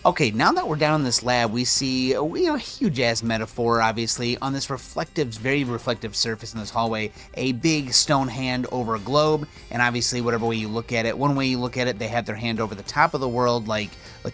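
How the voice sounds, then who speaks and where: A man's voice: mid-range voice, brisk, few pauses, fairly bright tone, soft background music. A man hosting a gaming channel, giving a casual, joking commentary voice-over on his gameplay. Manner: laid-back and joking, with casual slang.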